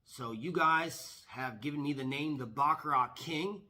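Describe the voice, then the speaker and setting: A man telling a storytime vlog as a professional gambler, emphatic and repetitive, often pushing his voice loud. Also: on the high side, a little slow, heavy background noise.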